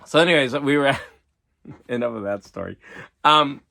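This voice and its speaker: A man's voice: medium pitch, normal speed, vocal fry, sharp tone. A middle-aged man, a teacher and collector, talking to camera in a loose, rambling monologue full of "like" and restarts. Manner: rambling, repeats himself, filler-heavy with "like".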